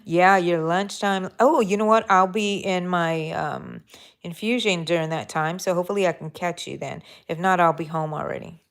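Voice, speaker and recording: A middle-aged woman hosting a live crochet tutorial, talking softly and mellowly, sometimes drifting into a whisper as she works. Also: fairly low pitch, steady tone, moderate pace. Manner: soft, mellow, drifting into whispers while counting stitches. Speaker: crochet channel host.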